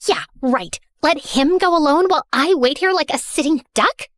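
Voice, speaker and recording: A woman's voice: high voice, normal speed, no room sound, studio quality, close to an everyday voice. A woman voicing a dramatic spoiled heiress. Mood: sassy. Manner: theatrical, sarcastic, self-centered. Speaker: first-person narrator. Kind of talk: animated story narration in character.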